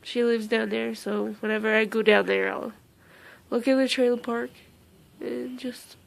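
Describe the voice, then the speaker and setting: A young woman vlogger tells a casual storytime, emotional and close to tears, halting through fillers and restarts. Her voice is slightly high with gravelly fry, held on a flat, narrow tone.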